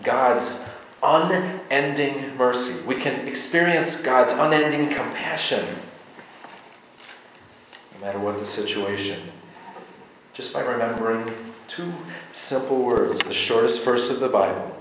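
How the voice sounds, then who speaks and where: A man preaching a sermon as pastor, in a gentle, repetitive cadence that grows quiet in prayer. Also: mid-range voice, unhurried, pauses often, a little hiss or hum. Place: church sanctuary. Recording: echoey sanctuary on a tinny line.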